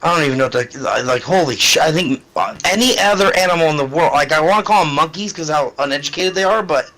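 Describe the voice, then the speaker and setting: Blunt, slightly high-voiced man. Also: fast talker, pushed and bright, rough recording. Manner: blunt, profane. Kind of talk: casual storytelling.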